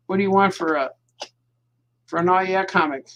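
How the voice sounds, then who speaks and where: A man's voice: high voice, normal speed, a bit bright, slight background noise. A man, a cartoonist, chatting casually to his viewers at home at night while he draws, rambling and repeating himself as his thoughts drift. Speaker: cartoonist hosting his own show.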